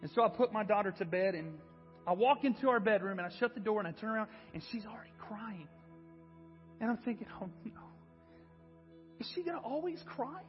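A man's voice: sits high, fast talker, in a large hall, lo-fi sound, over music. A man preaching a sermon in a church and sharing an earnest personal testimony. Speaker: pastor. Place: church sanctuary.

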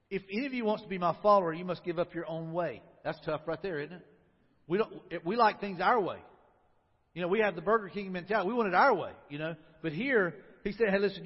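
High-voiced preacher in an echoing hall. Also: male voice, husky. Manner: conversational preaching with rhetorical questions. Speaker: pastor. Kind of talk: sermon. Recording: lo-fi recording with long hall reverb.

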